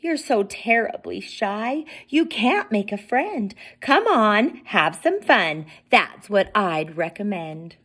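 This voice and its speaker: A woman's voice: mid-range voice, sing-song, slow, hardly any pauses, a bit bright, full character voice. A woman reading a storybook, voicing a mother who scolds and coaxes her shy son. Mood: coaxing. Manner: chiding, coaxing. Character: scolding but loving mother queen.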